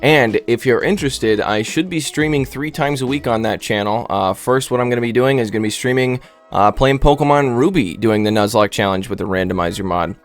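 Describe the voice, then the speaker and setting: A man's voice: medium pitch, a little fast, faint music behind. A man casually commentating on his online game battles, joking and rambling with silly asides.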